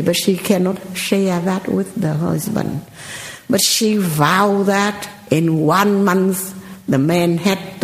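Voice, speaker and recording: A woman giving a Buddhist teaching as a storytelling sermon, with slow, repetitive phrasing and rhetorical questions. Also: lowish voice, vocal fry, echoey room, rough recording.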